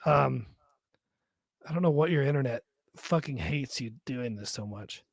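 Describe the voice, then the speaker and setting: A man's voice: medium pitch, a little slow, creaky, no room sound, clean studio sound. A man co-hosting a live podcast, chatting casually and joking with plenty of swearing. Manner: profane, rambling, joking. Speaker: podcast co-host.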